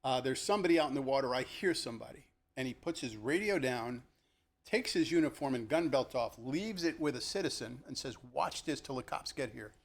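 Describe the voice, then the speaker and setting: An older man, a retired police lieutenant, recounts his cases in a relaxed, conversational way, full of fillers and restarts. His voice sits at an ordinary, middle pitch, and he animatedly acts out the voices of the people in his stories. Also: brisk, gravelly. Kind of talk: podcast storytelling.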